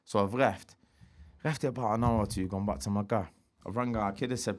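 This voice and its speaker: A man's voice: fairly low pitch, steady tone, fairly quick. A man, a guest telling street stories in a slangy, swearing style and acting out quotes. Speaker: interview guest. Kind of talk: casual storytelling.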